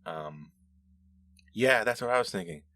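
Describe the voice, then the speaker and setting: A man's voice: lowish voice, lively intonation, a little slow, bright, forceful tone. A man hosting a show, casually reading and answering viewer comments in a rambling, self-correcting way with frequent laughs.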